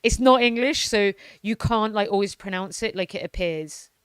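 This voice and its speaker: A woman's voice: mid-range voice, normal speed, clear, resonant tone, no echo, studio quality. A woman streamer chatting casually, cursing freely and sounding out words as she practises them. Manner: casual, swears freely, repeats phrases while learning. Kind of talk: casual chat.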